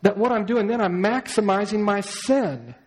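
A man's voice: high-pitched, expressive, normal speed, breathy edge, poor audio. A male pastor preaching a sermon, telling a story and asking the congregation questions.

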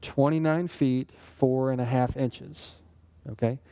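Here a Bible study is led by a man whose medium-pitched voice is relaxed and mellow. His conversational delivery and regular quick questions to listeners make the interactive sermon feel casual rather than formal.

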